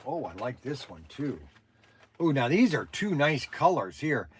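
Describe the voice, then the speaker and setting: A man's voice: mid-range voice, sing-song, a little slow, slightly rough. A man hosting a casual livestream, talking in a chatty, rambling way with many restarts. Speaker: livestream host.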